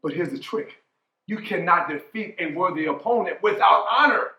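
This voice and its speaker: A man's voice: sits high, animated, normal speed, reverberant, dull audio. A man in his forties giving a motivational keynote talk as a coach, emphatic, often asking "right?". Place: conference hall.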